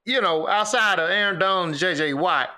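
High, bright-voiced man debating sports. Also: brisk. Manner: laid-back, insistent, says "man" often. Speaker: podcast co-host.

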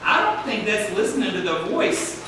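A man's voice: high-pitched, sing-song, normal speed, noisy background. A male pastor preaching a sermon to a congregation, speaking in a preaching cadence that draws responses from the room. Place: church sanctuary. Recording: echoey hall, picked up from a distance.

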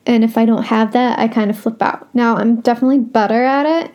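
A woman's voice: fairly high pitch, fairly even intonation, a little fast, darkish tone. A young woman hosting a solo podcast, talking casually and bluntly, swearing freely as she vents. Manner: blunt, frank and swears a lot. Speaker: podcast host.

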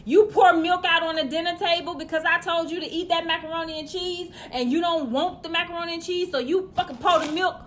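A woman doing a stand-up routine, brash and profane, with loud exasperated outbursts. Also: very high voice, fairly even intonation, fairly quick, hardly any pauses, a little hiss or hum. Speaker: stand-up comedian.

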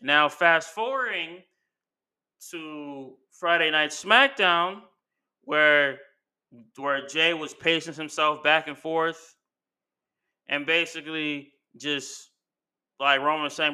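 A man casually recapping a wrestling show, animated and slangy, acting out what the wrestlers said. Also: on the high side, slow pace, clear, resonant tone. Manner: animated, acts out quotes with slang. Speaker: wrestling commentary vlogger.

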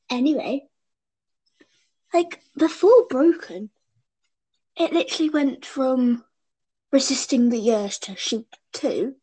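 A young woman in casual podcast chat, her voice sitting a little high. She rambles and giggles, chaining her thoughts with "and then". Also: very animated, takes it slowly, long pauses, a little mellow, breathy edge. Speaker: podcast co-host. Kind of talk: casual fan chat over a call.

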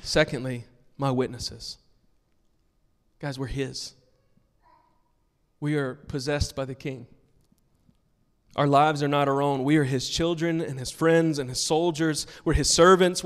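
Male pastor, slightly high voice, emphatic sermon delivery, long church-hall reverb. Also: steady tone, unhurried, pauses often. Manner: emphatic, earnest preaching with storytelling asides. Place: church sanctuary with a congregation.

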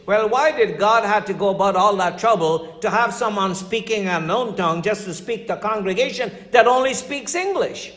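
An older man preaching as a pastor, telling stories in a conversational way and dropping his voice for emphasis. His voice sits fairly high for a man. The sound rings with long reverb, as if in a large hall. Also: lively intonation, moderate pace, bright, forceful tone. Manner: storytelling, conversational preaching with dramatic drops in voice. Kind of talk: sermon.

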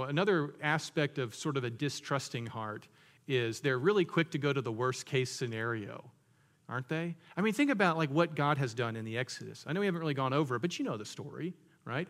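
A man's voice: fairly high pitch, fairly bright tone, in a large hall. A man preaching a sermon in a conversational, joking way, asking his listeners questions. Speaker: pastor.

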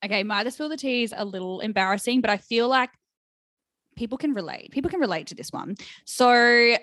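A woman's voice: fairly high pitch, lively intonation, brisk, a bit bright, no room sound, clean studio sound. A young woman co-hosting a podcast, telling a story in a chatty, self-mocking way. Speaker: podcast co-host. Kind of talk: casual chat.

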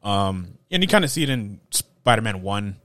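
A man's voice: lowish voice, very animated, moderate pace, a bit bright, no room sound, studio quality. Laid-back man chatting on a podcast. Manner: laid-back, chuckling, trails off mid-sentence. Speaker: podcast co-host. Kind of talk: casual film chat.

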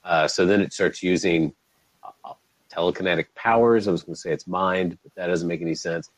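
A low-voiced man talks through a film on a podcast, in casual chat. He gets animated and swears freely, with the odd laugh. The sound is dry and close. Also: fairly quick, no room sound, rough recording. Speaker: podcast host.

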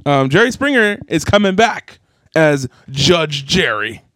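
A man's voice: fairly high pitch, dry recording. Joking young man, dry close mic. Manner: animated, joking, quick asides. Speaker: podcast co-host. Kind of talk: casual chat.

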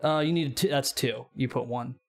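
A man's voice: mid-range voice, normal speed, music in the background. A man running a casual tabletop game as game master, narrating loosely with lots of fillers and jokes. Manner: loose, joking, many fillers.

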